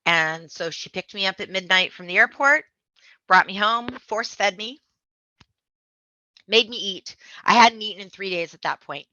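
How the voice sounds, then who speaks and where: Bright-voiced woman telling her story. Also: medium pitch, normal speed, no echo. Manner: animated, acts out other people's voices. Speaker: podcast guest, memoir author. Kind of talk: casual storytelling interview. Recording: dull lo-fi dry sound.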